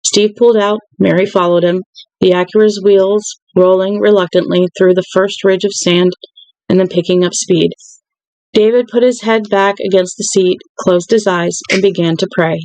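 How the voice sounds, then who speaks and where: A woman reading a novel aloud in a plain, unhurried way, then chatting casually and warmly with her listeners at home. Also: mid-range voice, fairly even intonation, no echo, low-quality recording. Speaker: audiobook reader.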